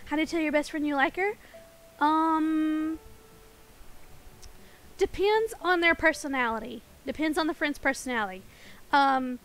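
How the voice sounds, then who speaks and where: A woman's voice: high-pitched, fairly bright tone. Chatty young woman game streamer. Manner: chatty, rambling, giggly. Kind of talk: casual live-stream chat.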